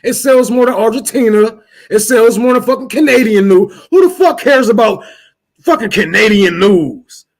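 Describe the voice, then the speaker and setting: Young dude ranting on a live stream, high voice, cussing and laughing. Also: male voice, lively intonation, moderate pace. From Detroit. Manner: profane, loud, laughing rants. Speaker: livestream host. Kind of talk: casual livestream rant.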